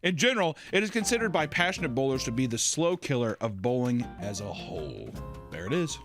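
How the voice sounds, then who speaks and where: A man hosting a comedic video commentary, animated and profane, often laughing mid-sentence. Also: medium pitch, fairly quick, music in the background.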